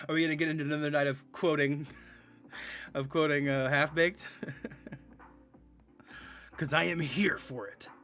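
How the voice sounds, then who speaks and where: A man's voice: fairly high pitch, fairly even intonation, a little slow, pauses often, a bit bright. Man, 30s, game streamer, casual rambling chat, sarcastic, laughs a lot, faint music behind.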